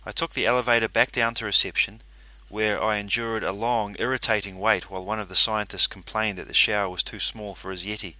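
A man's voice: lowish voice, fairly even intonation, a little fast, few pauses, pushed and bright, no room sound. A man reading a first-person story aloud, in a dry, matter-of-fact narrating manner.

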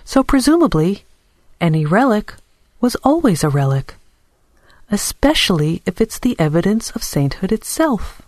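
A man's voice: high-pitched, very animated, moderate pace, darkish tone, no room sound, voice pushed up. A wary young woman in mourning, her voice lifted well above the reader's own. She presses suspicious, pointed questions in a dry, close storybook reading, as a man puts her on. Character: guarded grieving young woman, sharp-witted and wary.

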